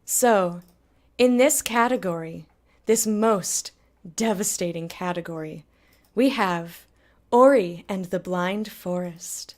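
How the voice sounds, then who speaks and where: A woman's voice: medium pitch, takes it slowly, darkish tone. A woman streamer presenting a mock awards show in a hammy, theatrical way, teasing her co-host.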